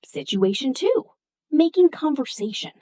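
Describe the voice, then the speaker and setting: A woman teaching English to beginners in a high, lively voice that leaps up and down. Her tone is mellow rather than bright, and she speaks slowly and clearly, as if reading model sentences. The sound is close and dry. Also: no room sound. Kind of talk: scripted English lesson for beginners.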